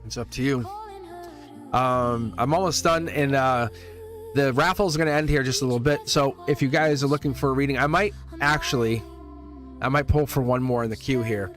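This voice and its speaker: A man's voice: mid-range voice, normal speed, a bit bright, faint music behind. A man reading tarot cards live for his viewers, chatty, laughing often and repeating himself. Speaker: tarot reader, livestream host.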